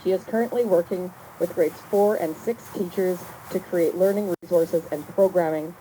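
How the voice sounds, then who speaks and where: Woman host reading out a speaker intro, measured and earnest, warm dark voice. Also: on the low side, fairly even intonation, slight background noise, poor audio.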